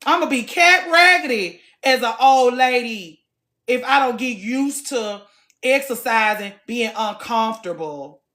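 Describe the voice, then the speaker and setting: A woman in her late thirties with a fairly high voice, chatting casually to her viewers. Her delivery is animated and she swings between loud and quiet. She talks in a frank, salty way and swears freely. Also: unhurried. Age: late 30s. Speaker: vlogger. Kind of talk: casual chat to camera. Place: gym.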